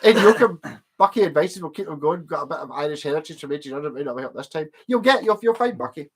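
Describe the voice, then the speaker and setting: A man's voice: fairly high pitch, lively intonation, quick pace, husky. A Scottish man in his forties hosting a livestream, chatting casually and telling rambling anecdotes with a chuckle. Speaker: livestream host.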